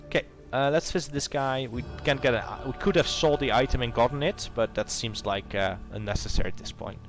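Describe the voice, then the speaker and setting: A man's voice: medium pitch, fairly quick, faint music behind. A man hosting a let's play, reading game text aloud and adding rambling asides. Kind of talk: narrating a video game playthrough.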